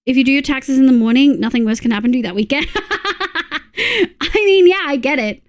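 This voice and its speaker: An Australian woman streams a game in a high-sitting voice that's animated and moderately paced. She grumbles and swears freely as she chats casually with her viewers.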